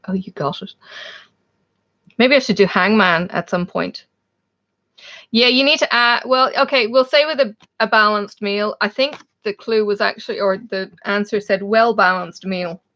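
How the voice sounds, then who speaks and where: A woman's voice: medium pitch, a little slow, fairly bright tone. A woman with an Irish accent hosting a casual live chat, laughing often and calling out her viewers by name. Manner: chatty, laughs often, reads out viewers' names. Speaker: livestream host. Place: home, in Australia. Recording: dull lo-fi stream audio.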